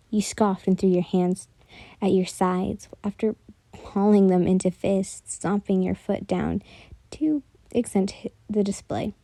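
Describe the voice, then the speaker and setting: A woman narrates listener fanfiction in a casual manner, correcting her slips as she goes. Her voice is very dark and mellow. The sound is dry and close. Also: mid-range voice, fairly even intonation, a little slow, dry recording. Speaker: fanfic reader.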